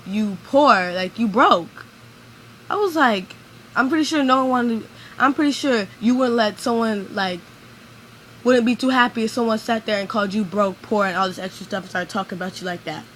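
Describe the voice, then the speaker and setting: A woman's voice: medium pitch, a little hiss or hum, low-quality recording. Rambling young woman venting on a vlog. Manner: rambling, venting, heavy use of "like". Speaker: vlogger. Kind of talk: ranting vlog monologue.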